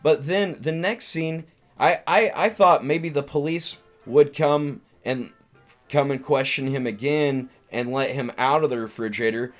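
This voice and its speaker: A man's voice: mid-range voice, unhurried, faint music behind. A man casually retelling a film's scenes on a live stream, meandering and restarting his sentences often. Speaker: streamer and comedian reviewing a film.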